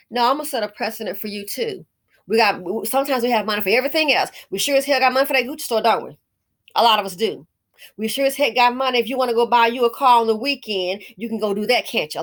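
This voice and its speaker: A woman's voice: medium pitch, fairly bright tone. A middle-aged woman in casual commentary, indignant and emphatic, repeating her points and calling the listener honey.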